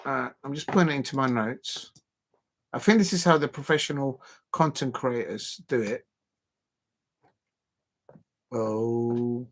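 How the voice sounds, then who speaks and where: A man's voice: mid-range voice, a little slow, long pauses. A man hosting a football watch-along livestream in casual, rambling chat, calling out to the fans watching. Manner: rambling, chatty, addresses fans directly. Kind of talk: casual live-stream chat.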